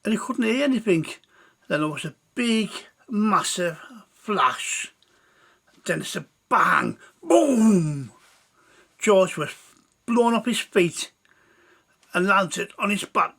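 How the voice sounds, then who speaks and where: Male storyteller, high voice, slow and halting war tale. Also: gravelly, fairly bright tone.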